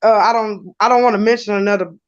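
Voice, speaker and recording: A woman's voice: mid-range voice, fairly even intonation, fast. Hesitant woman from Chicago, lo-fi. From Chicago, USA. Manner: hesitant, lots of ums. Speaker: caller joining the stream. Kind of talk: casual chat.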